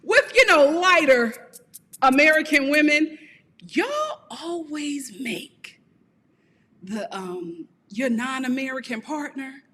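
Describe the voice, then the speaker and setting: A woman's voice: high voice, sharp tone, long reverb tail. A woman giving a blunt, sassy live review of a reality TV show, often laughing.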